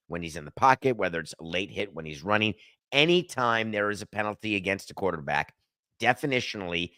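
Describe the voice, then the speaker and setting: A man's voice: lowish voice, pushed and bright, no room sound, clean studio sound. A middle-aged man hosting a sports podcast, delivering an emphatic, sardonic opinion monologue and arguing with himself. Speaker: podcast host.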